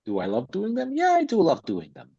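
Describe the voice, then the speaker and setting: A man's voice: high-pitched, huge pitch swings, brisk, gravelly, mellow, slightly rough. Blunt, streetwise man on a podcast. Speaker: podcast guest, acting coach. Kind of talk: casual interview chat. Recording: slightly dull lo-fi sound.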